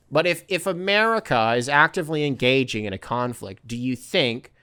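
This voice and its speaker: A man's voice: medium pitch, very animated, brisk, few pauses, a bit bright, clear, resonant tone. A man hosting a podcast alone, ranting casually with profanity and sarcastic impressions. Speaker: podcast host. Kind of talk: casual solo rant.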